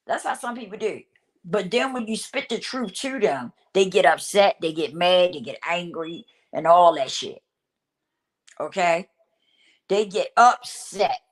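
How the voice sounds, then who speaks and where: Blunt woman going off on a rant to her viewers, repeats herself a lot, lively up-and-down voice. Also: fairly low pitch. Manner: preachy, repetitive, emphatic, laughs often; blunt, swears casually. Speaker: vlogger. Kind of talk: talking-to-camera rant.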